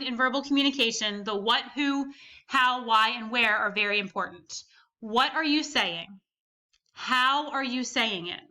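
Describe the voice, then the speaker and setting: A woman's voice: on the high side, pushed and bright. A woman instructor giving a recorded class lecture, explaining step by step and often checking in with the listener. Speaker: college instructor.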